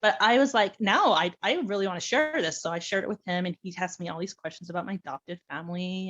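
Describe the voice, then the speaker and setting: A woman's voice: on the low side, lo-fi sound. A woman casually telling her own adoption story, acting out the dialogue with lots of animation. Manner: animated, acts out quoted dialogue, laughs often.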